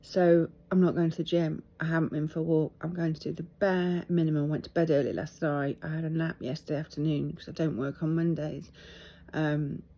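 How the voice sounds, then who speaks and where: Weary, husky middle-aged Englishwoman. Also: low-pitched, level tone, warm tone. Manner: candid, halting and reflective, with restarts. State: tired and teary. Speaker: vlogger. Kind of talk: personal video diary.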